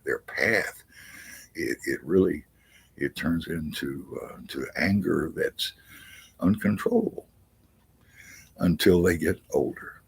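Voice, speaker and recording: A deep, gravelly man with a very husky, rough-edged voice hosts a live astrology chat. He talks slowly and haltingly, repeating words and restarting phrases as he reads out viewers' messages. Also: animated, a bit bright. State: out of breath. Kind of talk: casual live-stream chat.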